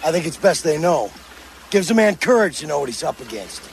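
An actor playing a boastful frontier trapper who tells wild animal stories in a comedy film clip. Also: male voice, on the high side, big pitch swings, brisk, gravelly, noisy background. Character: blustering male frontier trapper spinning gory animal tales. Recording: film clip with music behind.

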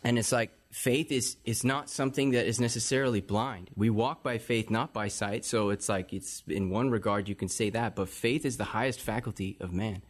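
A man with a fairly low voice talks about faith in an earnest, preaching style. He quotes scripture in old-fashioned wording and builds his points as he goes. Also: normal speed, few pauses.

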